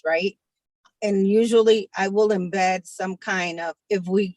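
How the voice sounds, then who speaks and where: A woman with a fairly low voice talks in a casual panel chat about hypnosis, halting and filling her pauses as she thinks. The sound is dry and close. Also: no room sound, low-quality recording. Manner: halting, with many fillers.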